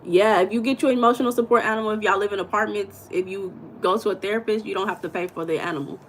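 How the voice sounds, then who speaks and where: An American woman hosting a casual livestream, chatting and reading viewer comments in a blunt, animated way, with occasional swearing and emphatic bursts. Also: medium pitch, quick pace, a little hiss or hum, rough recording. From United States. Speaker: livestream host.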